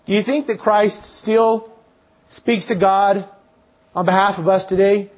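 Preacher, male, fairly high voice, earnest sermon delivery with many questions to the congregation. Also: fairly even intonation, a little slow. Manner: earnest, repeats rhetorical questions.

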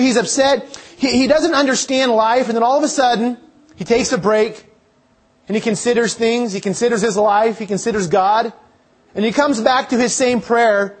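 A man preaching a sermon, earnest and full of repeated rhetorical questions. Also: extremely high pitch.

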